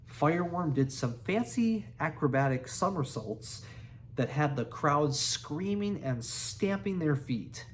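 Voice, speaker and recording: Slow man reading a children's book. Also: fairly high pitch, lively intonation, a little hiss or hum. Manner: laughs while reading, restarts words. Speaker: reader.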